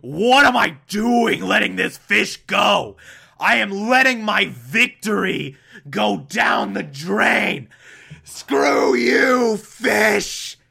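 A man's voice: fairly high pitch, big pitch swings, drawn-out words, vocal fry, bright, forceful tone, slightly rough, heavily acted. A man voicing Zhao, an arrogant military commander who brags and rants at the top of his lungs. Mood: ranting. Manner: bragging, ranting.

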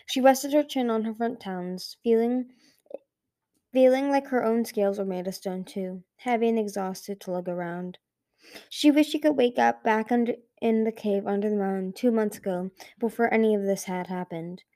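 A woman's voice: fairly high pitch, moderate pace, dark tone, no room sound. A woman narrating a fantasy novel in a casual amateur reading, with small slips and restarts. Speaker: audiobook reader.

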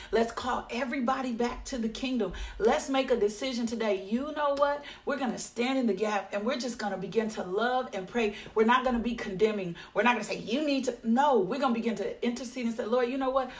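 A woman leading a devotional talk moves into prayer, fervent and encouraging, repeating phrases for emphasis. Her voice sits a touch high, and she sounds slightly distant from the microphone.

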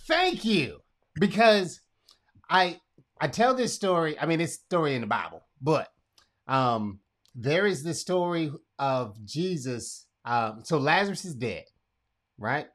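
A man's voice: fairly high pitch, very animated, unhurried, fairly bright tone. Man hosting a casual talk. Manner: conversational, retells a Bible story in his own words. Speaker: podcast host. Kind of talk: casual conversation.

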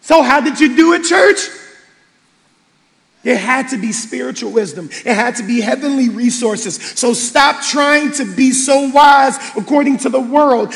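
A man preaching a passionate sermon as pastor in a church sanctuary, often rising to shouts. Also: extremely high pitch, gravelly. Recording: reverberant church hall with faint music.

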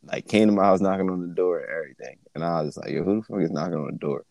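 A young man co-hosting a podcast, telling stories in relaxed slang-heavy casual chat. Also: deep voice, very fast, creaky, no echo, dull audio. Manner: laid-back storytelling with slang and frequent laughter. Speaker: podcast co-host.

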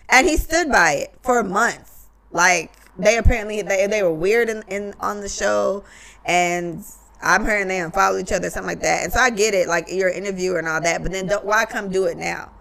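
A woman's voice: mid-range voice, fairly quick, gravelly, a bit bright. A woman co-hosting a casual podcast, talking bluntly and profanely and giving strong opinions. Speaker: podcast co-host.

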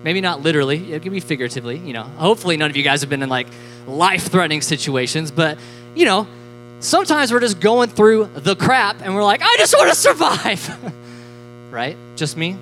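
A youth pastor preaching a casual, joking sermon, animated and full of fillers like "like" and "you know". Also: medium pitch, brisk, slight background noise, low-quality recording.

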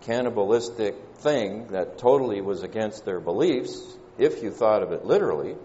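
A man with a Southern American accent preaching a sermon, measured and pausing, often saying "uh". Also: lowish voice, lively intonation, dark tone, slight background noise. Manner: measured, pausing delivery with frequent "uh" fillers. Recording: dull lo-fi church recording with long reverb.

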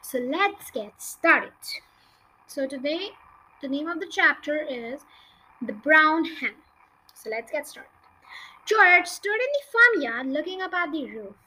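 A woman reading a children's book aloud for her podcast in an expressive, lively way. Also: high voice, slow, low-quality recording. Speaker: podcast reader.

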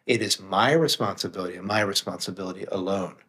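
A man's voice: sits low, fast talker, sharp tone. Emphatic, plainspoken man talking. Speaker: guest author and meditation teacher. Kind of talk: casual conversation.

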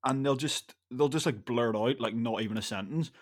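A young man, co-hosting a podcast in giggly, lively banter. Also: mid-range voice, moderate pace. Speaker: podcast co-host. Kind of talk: casual podcast chat.

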